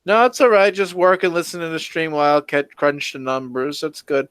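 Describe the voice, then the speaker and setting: A man co-hosting a casual podcast livestream, speaking slowly with many hedges and reading viewer comments aloud. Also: fairly high pitch, fairly even intonation, fairly bright tone, clean tone, no echo. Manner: slow, hedging, reads chat comments aloud. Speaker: podcast co-host.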